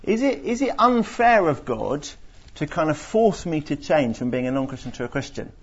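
This husky-voiced man leads a Bible lesson for a group in an earnest, explanatory way, though he keeps restarting and filling gaps. He speaks at a moderate pace with a sing-song lilt on the high side. The audio is dull and lo-fi.

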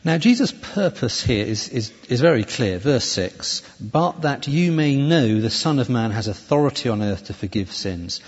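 A man preaches in a church with a husky, animated voice that swings widely in pitch. His talk is conversational, with many restarts. The sound is dull and carries a long reverb from the hall. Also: moderate pace, hardly any pauses. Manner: lively, conversational preaching with self-corrections. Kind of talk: sermon.

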